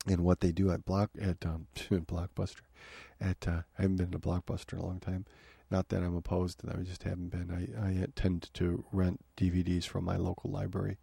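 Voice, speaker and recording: A man's voice: low voice, completely flat delivery, a little fast, gravelly, hardly any pauses, dark tone, breathy edge, no room sound. A man hosting a podcast from his home office, chatting casually with frequent fillers and restarts. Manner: rambling, many fillers and restarts. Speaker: podcast host. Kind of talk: casual review talk.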